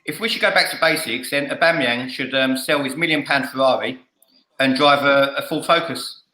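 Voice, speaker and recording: A man's voice: medium pitch, moderate pace, sharp tone, reverberant, rough recording. A man hosting a fan podcast, blunt and jokey, stammering in spots. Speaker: fan show host. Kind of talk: casual podcast debate. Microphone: headphones and studio mic.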